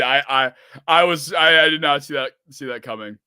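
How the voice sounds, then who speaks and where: Man, stream host, live reaction talk, cursing, frustrated rants, bright forceful voice, dry close sound. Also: medium pitch, moderate pace, smooth, dry recording. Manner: frustrated swearing, rambling rants.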